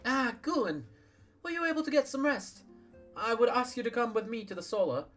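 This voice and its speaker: A man's voice: extremely high pitch, animated, brisk, fairly bright tone, soft background music, voice pushed up. A man voicing a gracious young woman leader who speaks in a formal, old-fashioned way. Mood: gentle.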